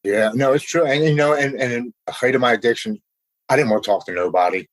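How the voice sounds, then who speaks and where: A middle-aged American man, a podcast guest, telling his recovery story in an animated way and acting out the voices of the people he quotes. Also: mid-range voice, quick pace, dry recording, rough recording.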